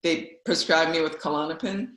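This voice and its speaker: Her low voice stays fairly even and a bit bright as she talks at normal speed, a Wisconsin guest speaker giving a personal storytelling talk. The delivery is frank and chatty with fillers, and the echoey room comes through clearly.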